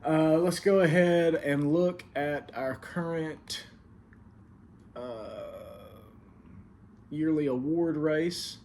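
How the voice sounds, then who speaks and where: A man's voice: on the high side, extremely slow, long pauses, darkish tone, slight background noise. A man with a country Southern accent hosting a casual weekly league recap, laid-back and full of fillers, turning stern about the rules. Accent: American Southern. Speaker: league commissioner and show host.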